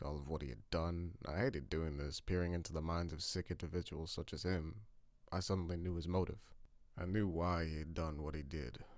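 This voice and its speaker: A man giving a scripted narration of a horror story with steady, grim storytelling. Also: deep voice, no echo, studio quality.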